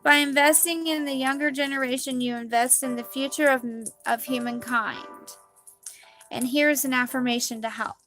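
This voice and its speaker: A high-pitched woman leads a live spiritual card reading in a gushing, dreamy, quirky way. Faint music plays softly behind her. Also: steady tone, normal speed.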